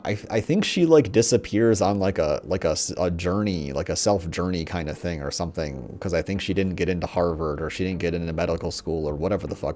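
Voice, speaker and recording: A young man giving rambling, profane, mocking commentary, often putting on quick voices of characters. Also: sits low, darkish tone. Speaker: commentator on a TV show. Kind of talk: casual ranting commentary.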